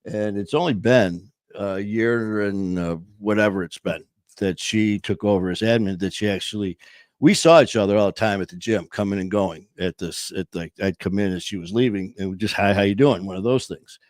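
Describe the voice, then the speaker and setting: A man's voice: on the low side, moderate pace, darkish tone, no echo, clean studio sound. A man hosting a podcast, talking casually in a rambling way with many fillers and restarts. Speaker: podcast host. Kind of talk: casual monologue.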